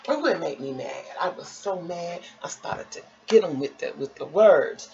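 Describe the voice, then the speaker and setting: Animated, gravelly-voiced woman vlogger. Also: fairly low pitch, moderate pace. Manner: animated, expressive, acts out quotes. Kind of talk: casual storytelling. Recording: dull lo-fi with faint noise.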